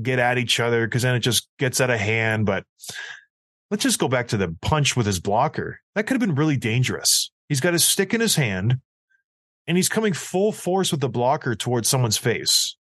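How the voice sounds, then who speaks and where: A man's voice: medium pitch, animated, moderate pace, a bit bright, dry recording, clean studio sound. A man co-hosting a casual chat, blunt and emphatic with a mocking edge. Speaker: podcast co-host.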